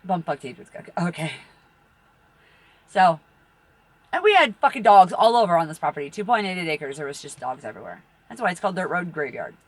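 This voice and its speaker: Profane rambling woman with lively pitch. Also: a little fast, dry recording. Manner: profane, rambling, laughs at her own stories. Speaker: tarot reader and channel host. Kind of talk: rambling personal storytelling.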